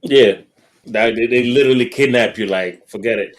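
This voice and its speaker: A man co-hosting a podcast, jumping in with quick reactions and laughs during a film discussion. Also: mid-range voice. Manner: lively interjections and laughter. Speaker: podcast co-host. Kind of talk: casual movie discussion.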